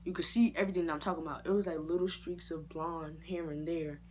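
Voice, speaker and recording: Animated woman telling a story vlog. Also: low-pitched, fast talker, slight background noise. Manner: casual slangy talk. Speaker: vlogger.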